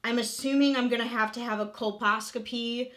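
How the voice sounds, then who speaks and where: A woman's voice: on the high side, steady tone, a little fast, fairly bright tone. Candid woman in her thirties venting. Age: 30s. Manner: candid, emotional, swears freely, many "like" fillers. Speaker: vlogger. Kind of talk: casual confessional vlog chat.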